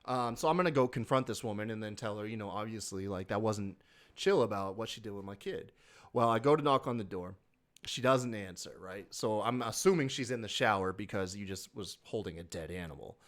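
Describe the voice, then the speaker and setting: A man's voice: on the low side, brisk. A man hosting a podcast, telling a story in a casual, profane, rambling way. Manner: profane, animated, breaks into laughs. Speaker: podcast host.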